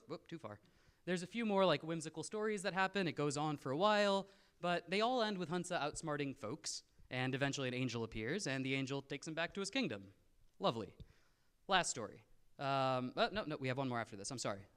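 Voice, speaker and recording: A man's voice: a little high, fairly bright tone, clear, resonant tone. A young man telling stories casually to a live convention audience, with jokey, slangy, self-mocking asides. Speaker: convention presenter. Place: convention room, in front of an audience.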